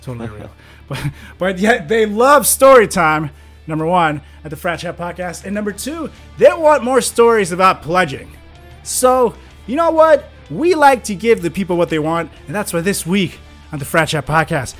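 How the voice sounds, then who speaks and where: A man co-hosting a comedy podcast, joking sarcastically and swinging from muttered asides to loud bursts. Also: sits high, very animated, moderate pace, faint music behind. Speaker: podcast co-host.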